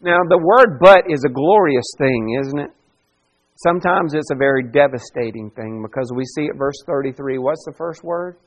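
A male pastor preaching an expository sermon, emphatic and given to repetition, swinging between hushed and loud. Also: medium pitch, normal speed, low-quality recording.

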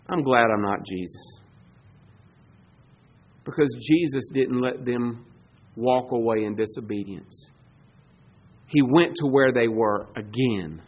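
A man preaching a sermon, swinging between loud emphatic bursts and low, slow passages. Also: husky, rough recording. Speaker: pastor.

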